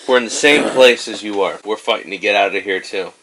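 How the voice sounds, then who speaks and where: A man's voice: lowish voice, fairly quick, a crowd in the background, rough recording. A man playing a tabletop game, talking casually and speaking for his character. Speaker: player.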